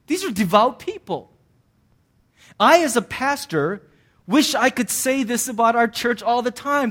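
A male pastor preaching a sermon in a conversational, animated way, with sudden bursts of emphasis. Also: extremely high pitch.

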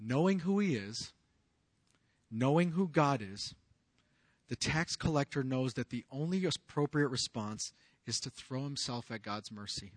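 A man in his thirties preaching a sermon in an earnest, confessional way, moving from hushed lines to loud raised outbursts. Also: mid-range voice, lively intonation, a little slow, no echo. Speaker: pastor.

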